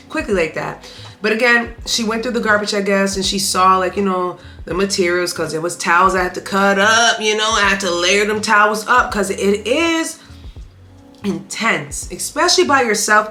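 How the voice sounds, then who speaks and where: A woman's voice: mid-range voice, pushed and bright. A young woman in her twenties telling a personal story on her vlog, candid and emphatic, talking straight to her viewers. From Haitian family. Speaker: vlogger.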